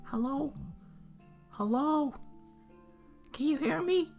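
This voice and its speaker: Far-off woman phone agent cutting in and out, very high, a man putting it on. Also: vocal fry, a little mellow, soft background music, exaggerated voice. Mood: puzzled. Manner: halting, cutting in and out. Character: distant, faint female phone support agent.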